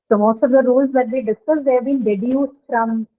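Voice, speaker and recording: A woman with an Indian English accent teaches an online class at a brisk pace, her voice pitched slightly high. She explains step by step and keeps checking understanding. The sound is tinny and narrow, like a phone line. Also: fairly even intonation. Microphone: video call.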